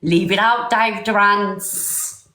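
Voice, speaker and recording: A woman's voice: medium pitch, steady tone, slow pace, bright, forceful tone. A woman hosting a casual live stream, chatting and thanking viewers by name. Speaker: livestream host. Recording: roomy echo.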